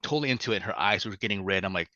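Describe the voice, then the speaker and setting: A man's voice: lowish voice, pushed and bright, no echo. A man, a children's book author, telling stories in a casual interview, stumbling over restarts and fillers. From Vietnam. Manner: halting, many restarts and fillers, laughs easily. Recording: dull lo-fi sound.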